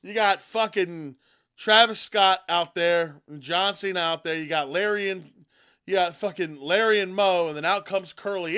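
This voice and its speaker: An excitable man co-hosting a podcast, swearing freely and bursting into loud outbursts. His voice is high for a man and bright, almost tense in tone. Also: normal speed. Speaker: podcast co-host. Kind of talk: casual chat.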